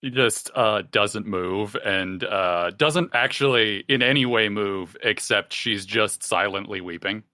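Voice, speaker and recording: A man playing in a tabletop game, talking in a soft, hesitant way. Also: on the low side, a little slow, few pauses, no echo, studio quality. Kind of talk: casual game chat.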